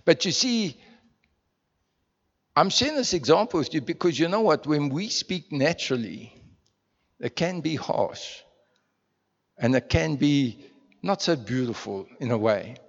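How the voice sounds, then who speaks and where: A man's voice: on the high side, animated, measured pace, pauses often. Pastor, a South African man, conversational sermon with rhetorical questions, dull and echoey hall sound. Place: church. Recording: muffled sound in a reverberant church hall.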